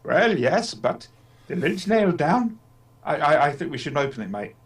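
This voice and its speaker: A man's voice: a little high, normal speed, far from the mic, voice pushed down. A man doing a blunt undertaker. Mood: matter-of-fact. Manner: flat, matter-of-fact, calls people mate. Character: blunt working-class male undertaker.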